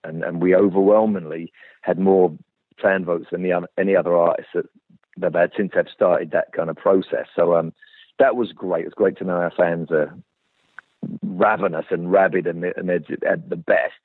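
A man, a guest musician, giving relaxed, conversational answers in a radio interview. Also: deep voice, moderate pace, no echo. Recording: phone-like radio line.

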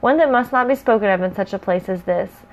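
A woman reading the lines of a grave, elegant male elf warrior in a measured manner. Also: medium pitch, natural voice, low-quality recording.

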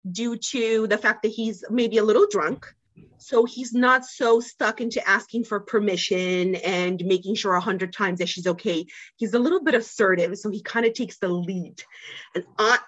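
A woman with a fairly high voice co-hosts a podcast, retelling a story in excited, gushing casual chat. The sound is dull and lo-fi, with a dry, close feel and no room around it. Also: no echo. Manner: gushing, enthusiastic, laughs while retelling. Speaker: podcast co-host.

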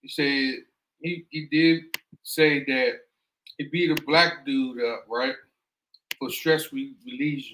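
A man's voice: medium pitch, steady tone, takes it slowly, long pauses, bright, forceful tone, a little hiss or hum. A man co-hosting a casual podcast chat, making plain, matter-of-fact remarks. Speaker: podcast co-host. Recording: echoey room.

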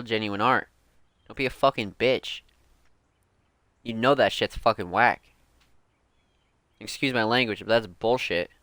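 A man's voice: mid-range voice, a bit bright, no room sound, clean studio sound. A young man hosting a music podcast, ranting casually and heatedly, swearing a lot and filling his talk with "like" and "bro". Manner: profane, heated, slangy, lots of "like" and "bro". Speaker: podcast host. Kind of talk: casual rant.

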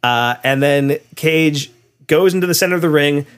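A man's voice: a little high, normal speed, a bit bright, clean tone. A man in casual conversation, retelling a film's plot in a rambling way with lots of fillers. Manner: rambling, filler-heavy, laughs often.

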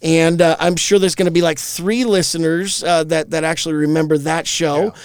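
A man co-hosting a comedy podcast, rambling through profane, animated storytelling. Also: on the high side, moderate pace, clear, resonant tone, no echo, clean studio sound. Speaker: podcast co-host. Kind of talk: crude comedy podcast chat.

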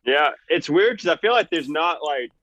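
A man's voice: fairly high pitch, expressive, moderate pace, fairly bright tone, dry recording, lo-fi sound. A man co-hosting a casual sports podcast, asking questions and agreeing along. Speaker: podcast co-host.

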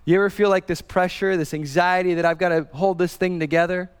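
A man's voice: sits high, fairly even intonation, brisk, clean tone. A man in his thirties preaching a sermon in an earnest, conversational way, full of casual fillers and restarts. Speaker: pastor. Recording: reverberant hall.

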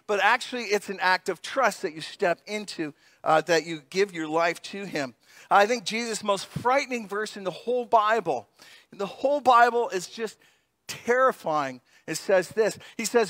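A middle-aged male pastor preaching an animated sermon, laughing often and acting out the voices in his stories. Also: high-pitched, normal speed, no room sound.

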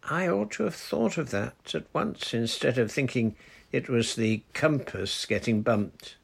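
A man's voice: expressive, measured pace, gravelly, slightly rough, exaggerated voice. A man voicing an eager, imaginative young girl. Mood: thoughtful. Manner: eager, high and bright.

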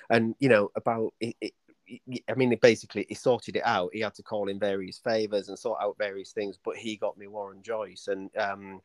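A man's voice: fairly low pitch, little pitch movement, brisk, dry recording. A man, a book author, telling long anecdotes in a casual podcast interview, with many restarts and acted-out quotes. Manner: rambling storyteller with many restarts, acting out quoted voices.

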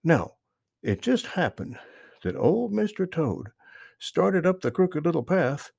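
A man narrating a children's book aloud, with expressive storytelling and lively emphasis. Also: on the high side, slow, vocal fry, slightly rough, no echo, studio quality.

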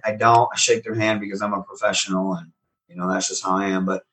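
A man's voice: sits low, fast, far from the mic, low-quality recording. A man, a professional wrestler, casually telling stories in an interview and animatedly acting out the conversations he recounts. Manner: animated, acts out quoted exchanges.

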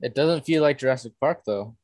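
A man co-hosting a casual movie-review podcast over an online call, dry and contrarian in a deadpan way. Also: mid-range voice, brisk, no echo. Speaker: podcast co-host.

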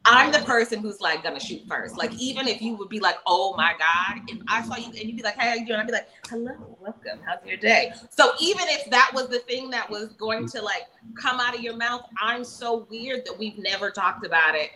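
A woman's voice: fairly high pitch, fairly quick, hardly any pauses, sharp tone, slight background noise, low-quality recording. A woman guest actress in a casual interview, chatty and self-deprecating, full of fillers and quoted asides.

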